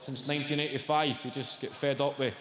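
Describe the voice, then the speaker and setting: A Scottish man in his thirties doing a stand-up comedy set, sweary and animated as he banters with the crowd. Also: medium pitch, a little fast, a little hiss or hum. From Scotland. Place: large theatre stage. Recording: live theatre mic, long hall reverb. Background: audience ambience.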